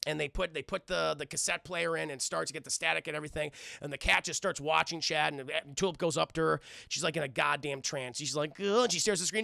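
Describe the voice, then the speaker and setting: Gravelly, bright-toned man recapping a cartoon. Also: fairly high pitch, no echo, studio quality. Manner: acts out characters' lines in quick put-on voices, swears often; talks to his stream chat. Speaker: cartoon reviewer streaming live. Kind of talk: animated live-stream recap.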